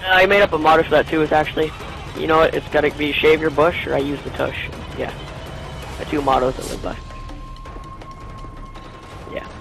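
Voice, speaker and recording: Gravelly man rambling through crude jokes. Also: on the high side, fairly even intonation, normal speed, long pauses, over music, low-quality recording. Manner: rambling, crude, full of "like" and "you know". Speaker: gaming channel host. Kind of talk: joking Q&A over gameplay.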